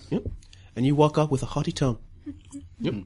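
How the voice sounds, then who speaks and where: A man's voice: fairly high pitch, normal speed, darkish tone, breathy edge. A man running a tabletop game as game master, narrating in a put-on English accent that he keeps losing, laughing often.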